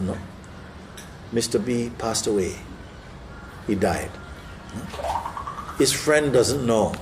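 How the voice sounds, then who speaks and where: Man, spiritual teacher, parable storytelling, animated, mid pitch, faint hiss. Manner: animated, vivid, acts out scenes. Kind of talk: storytelling during a spiritual talk.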